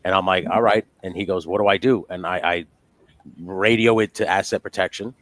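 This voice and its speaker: A man's voice: deep voice, steady tone, normal speed, a bit bright. A man hosting a podcast, telling rambling, profane stories in a casual chat. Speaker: podcast host.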